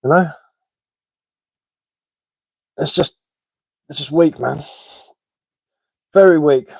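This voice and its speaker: A man's voice: fairly high pitch, slow pace, vocal fry, a little mellow, husky, dry recording, low-quality recording. Chatty Sussex man, dry close sound. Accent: Sussex English. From England. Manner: cheerful, chatty, peppered with rhyming slang. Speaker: live streamer of bushcraft and woodwork. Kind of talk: casual live chat answering comments.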